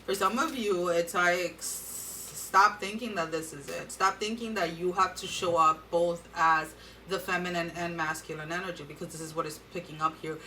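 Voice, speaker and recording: A woman's voice: lowish voice, steady tone, normal speed, bright, forceful tone, recorded from a distance, slight background noise, low-quality recording. A woman giving an earnest tarot card reading and talking straight to her viewers with advice. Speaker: tarot reader.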